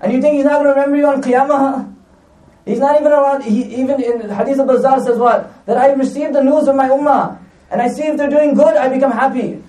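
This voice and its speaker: A man giving a sermon with lively storytelling, repeating phrases for emphasis. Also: extremely high pitch, quick pace. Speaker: preacher. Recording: echoey room, distant mic.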